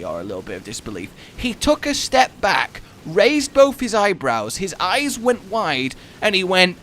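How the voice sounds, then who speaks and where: A man in his twenties, chatting over gameplay and telling a funny story with excitable outbursts. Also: high voice, measured pace, few pauses. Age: 20s. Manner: excitable anecdote-telling, bursts into loud exclamations. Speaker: gaming YouTuber.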